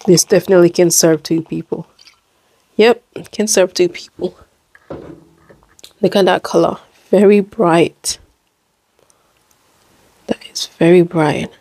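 A woman hosting a casual eating vlog, chatting in a relaxed way between bites. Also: fairly low pitch, moderate pace, long pauses. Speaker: mukbang host.

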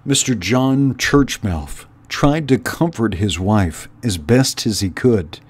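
A man reading a children's novel aloud in an unhurried, deliberate way, as host of a storytime channel. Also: lowish voice, animated, husky.

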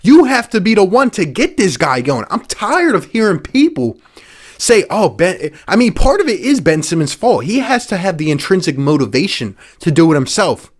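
A man's voice: high voice, very animated, normal speed, slightly rough. A man from the Philadelphia area hosting a sports show, ranting with sarcastic exasperation and repeating points for emphasis. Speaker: sports podcast host. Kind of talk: angry sports rant.

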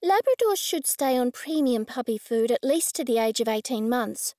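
A woman's voice: on the high side, animated, normal speed, darkish tone, no room sound, studio quality, natural voice. A woman voicing a polite, helpful female receptionist at a vet clinic in an audiobook.

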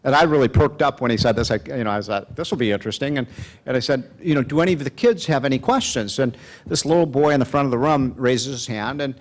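A man of middling pitch speaks to a live audience, spinning anecdotes in a loose, chatty way. He stumbles and restarts often and leans on fillers as he talks. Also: fast talker. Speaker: speaker at an event. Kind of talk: after-dinner speech with jokes.

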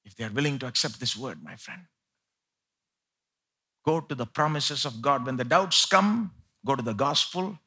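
A male pastor preaching a live church sermon, swinging between loud pleading and quiet asides. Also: medium pitch, expressive, moderate pace, pauses often, husky. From India.

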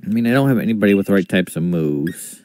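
A man's voice: sits low, animated, fast talker, a little mellow, slight background noise. A man giving casual, playful commentary while streaming a video game. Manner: playful, joking asides.

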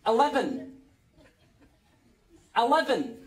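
A man's voice: extremely high pitch, wildly swooping pitch, slow, roomy sound, recorded from a distance, exaggerated voice. A man with a Scottish accent playing an exasperated man stuck in a voice-controlled lift in a comedy sketch. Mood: bemused. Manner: exasperated, ends up shouting. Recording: studio audience laughter. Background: audience laughter.

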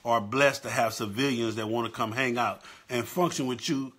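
A man's voice: mid-range voice, steady tone, moderate pace, a bit bright, slightly rough. A middle-aged man hosting a live-stream talk, impassioned and swinging between choked-up and fired-up. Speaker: show host.

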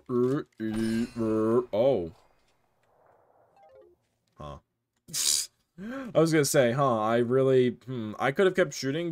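Lively, jokey young streamer man. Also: medium pitch, no room sound. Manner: animated, jokey, reads chat aloud, often laughs. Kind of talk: casual live-stream chatter while gaming.

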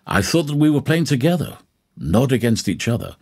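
A man voicing an older retired detective, jovial and gentlemanly, in an audiobook. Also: mid-range voice, very animated, moderate pace, creaky, breathy edge, voice pushed up, heavily acted.

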